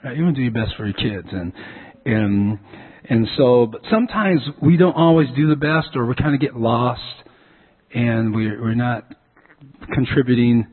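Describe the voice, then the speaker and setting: A man's voice: mid-range voice, normal speed, husky. A man preaching a sermon as a pastor, telling stories and often repeating words as he restarts. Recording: tinny phone-like sound.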